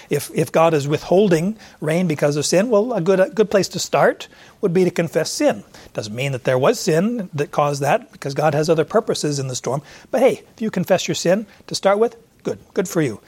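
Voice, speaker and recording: A middle-aged man preaching a sermon, lively and acting out the voices he quotes. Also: fairly high pitch, breathy edge. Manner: animated, acts out voices in quotes. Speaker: pastor.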